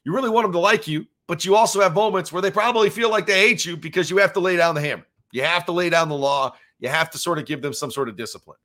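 Bright-voiced casual podcasting dad. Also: male voice, sits high, quick pace, hardly any pauses. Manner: casual, rambling, frequent fillers. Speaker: podcast host. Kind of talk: solo reaction commentary.

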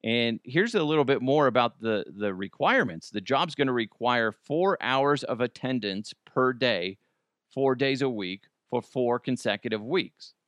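A man's voice: mid-range voice, expressive, a little slow, fairly bright tone, no echo. A man from Colorado hosting a casual podcast, rambling and joking at his own expense. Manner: rambling, self-deprecating, jokey asides. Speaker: podcast host. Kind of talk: casual solo chat.

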